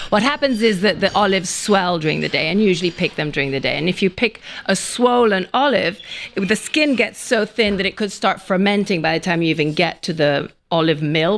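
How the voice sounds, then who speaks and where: A woman on a live panel who explains a news story plainly and adds dry quips. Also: medium pitch. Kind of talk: casual panel chat.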